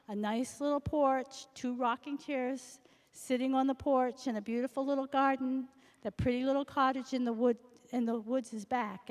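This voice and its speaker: Lady reading a storybook to little kids, high pitched, lively, big echoey room at school. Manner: expressive, slow, sing-song. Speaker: guest story reader. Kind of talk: storybook reading to young children.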